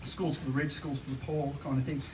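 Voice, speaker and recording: A man's voice: mid-range voice, level tone, brisk, a little mellow. Rambling Australian man in his forties. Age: 40s. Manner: rambling, filler-heavy storytelling. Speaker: stand-up comedian. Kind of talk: stand-up comedy. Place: live comedy venue. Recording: echoey venue, distant mic, noisy. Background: audience laughter.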